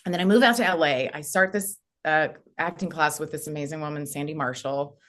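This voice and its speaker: Woman from the US, somewhat low voice, casual interview storytelling, rambling, many fillers. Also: a little fast, a bit bright. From United States. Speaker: actress, podcast guest.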